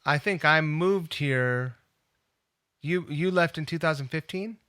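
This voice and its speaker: A man from Seattle hosts a podcast in a loose, casual chat, dropping swear words without fuss. His voice is bright and forward, recorded dry and close. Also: on the high side, measured pace, clear, resonant tone, no room sound. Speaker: podcast host.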